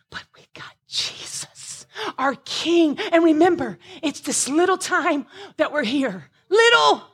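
A woman preaching a sermon, impassioned, at times rising to shouts with a breaking voice. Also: sits high.

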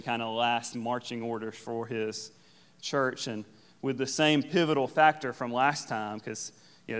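Male pastor, smooth resonant voice, casual conversational sermon, long hall echo. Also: mid-range voice, a bit bright. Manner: conversational, paraphrases scripture in casual everyday phrasing.

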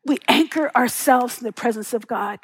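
Woman, middle-aged pastor, sermon, high voice, earnest and tender, rhetorical questions, dry close sound. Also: normal speed, husky, no echo, low-quality recording.

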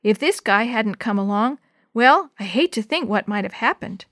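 A woman's voice: fairly high pitch, lively intonation, moderate pace, fairly bright tone, dry recording, studio quality. A woman voicing an eager, impulsive young boy in a children's storybook reading.

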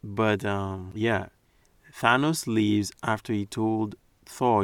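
A man's voice: on the low side, fairly even intonation, slow pace, creaky, clean tone, dry recording. A man giving casual, earnest commentary on a movie scene, reflecting as he analyzes it.

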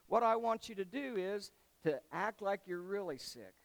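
A man's voice: high-pitched, expressive, normal speed, gravelly. A man voicing a crafty young man who talks in casual slang while laying out a scheme. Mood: scheming.

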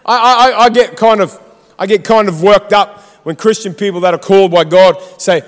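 Male pastor, very high voice, fervent call-and-response preaching with long reverb behind it. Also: brisk. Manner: fired-up, exhortative, calls to the congregation. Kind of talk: sermon. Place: church.

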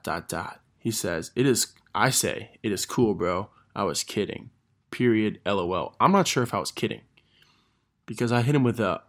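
A man's voice: lowish voice, gravelly. A young man hosting a casual podcast, rambling and self-deprecating as he reads old messages aloud. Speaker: podcast host.

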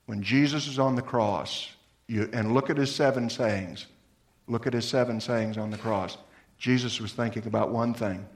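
A man preaching a sermon as a pastor, earnest, moving between lively emphasis and soft, low appeals to his listeners.

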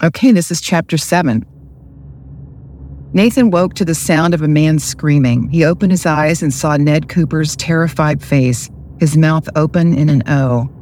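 A woman's voice: deep voice, moderate pace, a little hiss or hum. Woman author reading her own novel. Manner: relaxed, with fillers and restarts, then steady storytelling. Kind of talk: interview chat, then reading her own novel aloud.

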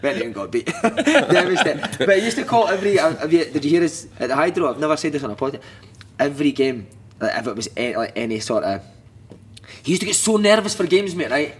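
Animated Scottish man telling sweary stories. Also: fairly high pitch, quick pace, slight background noise. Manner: animated, sweary, acts out quotes with loud shouts. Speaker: podcast guest, former footballer. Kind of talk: casual chat, storytelling.

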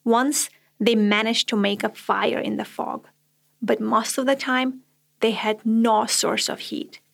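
A woman hosting a podcast, telling a true story in measured, reflective scripted narration. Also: on the high side, steady tone, creaky.

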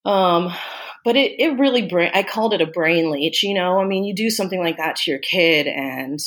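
A woman from Austin telling a painful family story as an interview guest, candid and halting, with many "like" and "you know" fillers and close to tears at times. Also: on the low side, expressive, a bit bright. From Austin, Texas. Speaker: guest sharing a personal story. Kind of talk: emotional personal storytelling.

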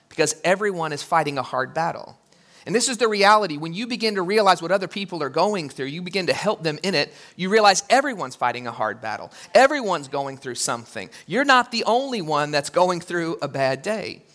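A male pastor preaching in a bright, ringing voice that sits a little high. He talks in an animated way and acts out little quotes with big leaps in pitch. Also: a little fast. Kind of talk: sermon.

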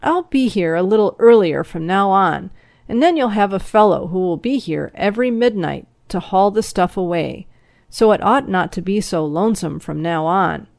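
A woman voicing a jovial male moonshiner friend who talks in a loud, folksy, encouraging way, in a storybook reading. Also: mid-range voice, animated, normal speed, vocal fry, no room sound, clean studio sound.

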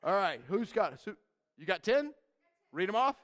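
Young guy youth pastor, kinda high voice, rambling and animated, lots of dude and man. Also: moderate pace. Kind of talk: casual storytelling to a church group.

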